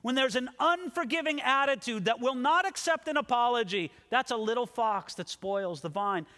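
A man preaching an expository sermon as a pastor, animated and acting out quoted voices. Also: extremely high pitch, moderate pace. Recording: long hall reverb.

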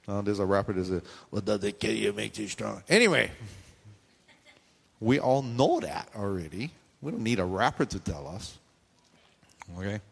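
A man preaching a sermon as pastor, talking conversationally with joking asides and frequent questions to the congregation. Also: lowish voice. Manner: frequent questions and call-outs to the audience. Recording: long reverb in a hall.

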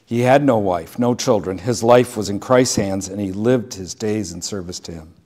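A middle-aged man preaching a sermon as pastor, moving from plain exhortation into relaxed storytelling with dry humor. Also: lowish voice, moderate pace.

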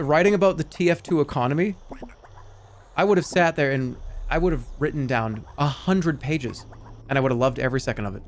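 Male streamer, casual rambling chat, animated, swears a lot, mid pitch, faint music underneath. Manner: animated, rambling, swears freely, laughs often.

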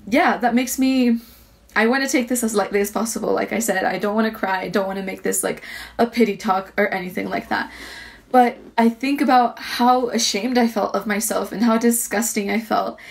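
A woman vlogger telling a personal story to camera, earnest and halting. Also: fairly high pitch, gravelly.

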